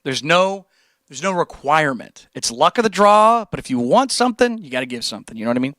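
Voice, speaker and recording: A man's voice: a little high, very animated, quick pace, fairly bright tone, no room sound. A young man chatting casually on a livestream, rambling and laid-back, reading viewer messages and answering them. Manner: laid-back, rambling, says dude and like a lot. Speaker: streamer.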